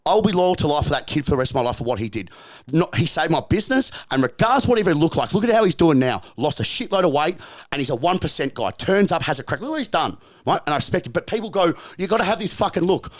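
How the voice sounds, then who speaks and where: With a sing-song voice on the high side, this Australian podcast guest tells stories in relaxed conversation. His delivery is profane and emphatic: lots of swearing, rapid bursts, repeated phrases, and emphatic restarts.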